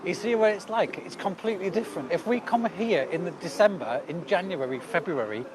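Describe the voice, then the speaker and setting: A man's voice: sits high, animated, brisk, noisy background. A man vlogging outdoors by a river while cycling, joking and reading out viewers' comments in a chatty way. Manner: jokey, chatty, reads viewer comments aloud. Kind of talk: live-stream chat while cycling.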